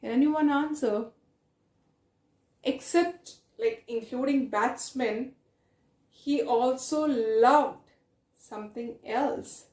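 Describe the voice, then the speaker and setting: A woman's voice: high voice, slow pace, pauses often, a little mellow, roomy sound. A woman teaching a reading lesson in English with a South Asian accent, repeating her questions and praising answers.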